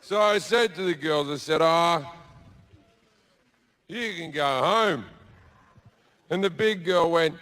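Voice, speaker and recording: A man's voice: fairly high pitch, slow pace, long pauses. Brash stand-up man, crude storytelling. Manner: crude, brash, deadpan asides with shouted put-on voices. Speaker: stand-up comedian. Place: theatre stage before a laughing audience.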